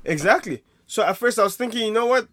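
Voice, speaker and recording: A man's voice: sits high, lively intonation, fast, a crowd in the background. A man co-hosting a sports podcast in casual chat, rambling with many fillers and restarts. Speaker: podcast co-host.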